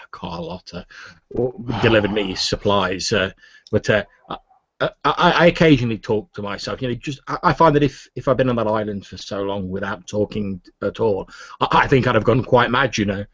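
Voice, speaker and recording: A man's voice: lowish voice, no echo, dull audio. A man voicing an old, nervous, lonely male inventor who stammers and hesitates.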